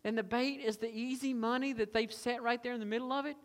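A man preaching a sermon as pastor, animated, acting out a tempter's coaxing and a father's pleading. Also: very high-pitched, fast, hardly any pauses, big-room sound.

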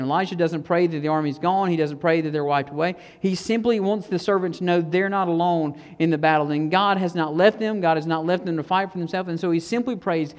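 A preacher giving a conversational sermon who drops to hushed tones for emphasis. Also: mid-range voice, a little fast, hardly any pauses, big-room sound.

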